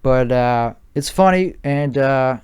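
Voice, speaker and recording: This time the host's voice is mid-range, slow, darkish, and clean. A man affecting a Chicago accent, he's overtired and hasn't slept, and his solo podcast monologue wanders, swears, argues, and circles back on itself.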